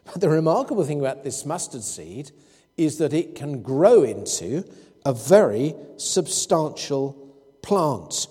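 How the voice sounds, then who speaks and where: Male preacher, mellow and husky, expository sermon style. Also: a little high, very animated, measured pace. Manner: expository, with anecdotes and quoted dialogue. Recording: long hall reverb.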